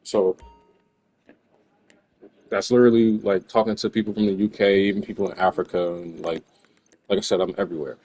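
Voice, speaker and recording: Low-voiced, laid-back gamer. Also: male voice, flat delivery, a little fast, pauses often, a little mellow, no room sound, soft background music, poor audio. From New Jersey. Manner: laid-back, slangy, rambling. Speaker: gaming streamer. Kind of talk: casual commentary while playing. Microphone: USB desk microphone.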